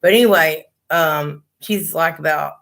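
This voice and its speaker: A woman's voice: low voice, a little slow, gravelly, a bit bright. A middle-aged woman, chatting on a livestream and telling blunt, profane stories. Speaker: livestream host. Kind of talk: casual chat.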